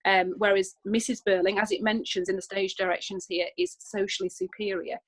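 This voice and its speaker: A British woman teaching English, talking her class through a play in a chatty, explanatory way. She fills pauses with ums, corrects herself as she goes, and speaks at an everyday middle pitch. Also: little pitch movement, poor audio. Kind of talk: recorded online lesson discussion.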